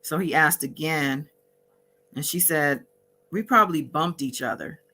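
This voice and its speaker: A woman hosting a casual recap, reading out exchanges from her notes with frequent fillers and pauses. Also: deep voice, sharp tone, slight background noise. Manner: reads out courtroom exchanges from notes, pausing with fillers. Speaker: host recapping a court trial.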